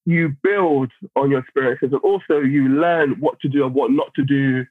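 Guy telling a wild story, husky voice, sounds like a phone line. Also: mid-range voice, normal speed. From London, England. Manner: animated, acts out other people's lines while telling stories. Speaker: podcast guest. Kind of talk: casual storytelling chat.

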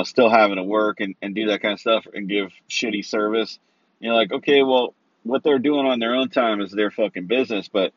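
A man's voice: on the low side, fairly bright tone, husky, no echo. A man ranting in a loose, profane monologue, rambling and tossing in rhetorical asides. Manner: rambling, heavy swearing, rhetorical "right?" asides. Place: Los Angeles area. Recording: dry, slightly dull sound.

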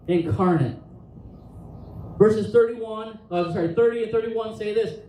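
A man's voice: very high-pitched, moderate pace, a little mellow, slight background noise. A male pastor preaching a Pentecost sermon, reading scripture aloud with impassioned emphasis. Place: church sanctuary. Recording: echoey church room, distant mic.

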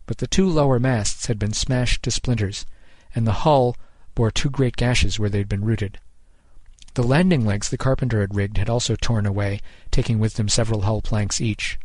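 A man's voice: lowish voice, darkish tone, no echo. Man narrating a story, dry close sound. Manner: measured, dramatic storytelling.

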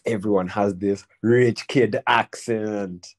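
A man's voice: on the low side, steady tone, slow. Slangy young Kenyan man telling a story. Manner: slangy, repeats "bro" and "man", many restarts. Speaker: podcast host. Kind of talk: casual storytelling chat.

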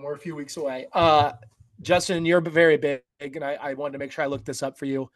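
A man co-hosting a sports podcast, leading the game preview in a relaxed, conversational way. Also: on the high side, fairly quick. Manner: relaxed and conversational, says "like" and "uh" a lot. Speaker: co-host running the game preview. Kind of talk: casual sports podcast chat.

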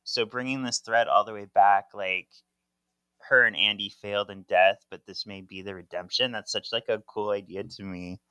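A man co-hosting a podcast, chatting casually and relaxed with some hesitation. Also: fairly low pitch, moderate pace, clean tone, no echo, poor audio. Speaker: podcast co-host. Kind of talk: casual chat.

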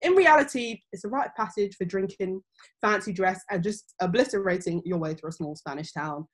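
A woman's voice: medium pitch, brisk. Rambling young woman telling stories. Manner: rambling storytelling with many fillers. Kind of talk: casual chat.

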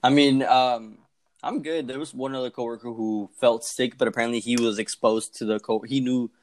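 A man's voice: mid-range voice, fairly even intonation, a little hiss or hum. A young man co-hosting a podcast, telling a casual story full of swearing and acted-out quotes. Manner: fast, profane, acts out quoted voices. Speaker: podcast co-host.

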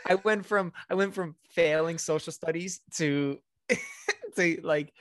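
A young man, a new father, co-hosting a podcast and telling a childhood story in a wry, deadpan way with swearing. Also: on the high side, slow pace, no echo, studio quality. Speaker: podcast co-host. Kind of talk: casual storytelling.

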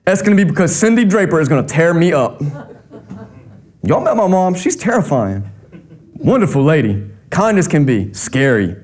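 A man's voice: on the high side, very animated, moderate pace, darkish tone. Storytelling Southern preacher man. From North Carolina. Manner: conversational storytelling, humorous. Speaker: pastor. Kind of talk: sermon.

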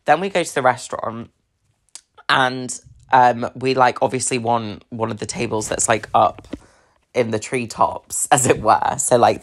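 A young British woman hosting a podcast, telling a dating story in a chatty, swear-filled way with lots of fillers and laughs. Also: very deep voice. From England. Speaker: podcast host. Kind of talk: casual storytelling about dating.

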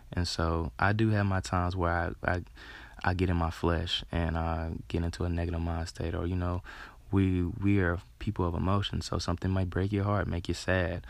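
A man with a very low, gravelly voice gives a rambling motivational talk. He is earnest and casual, leans on "you know", and swears freely. The sound is close and dry. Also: dry recording.

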